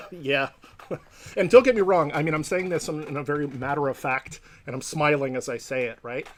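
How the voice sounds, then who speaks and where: A man's voice: a little high, a little fast. A man giving a long reflective interview answer as a professor and psychotherapist, thoughtful and explanatory, often checking in with "right?" and "you know". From Canada.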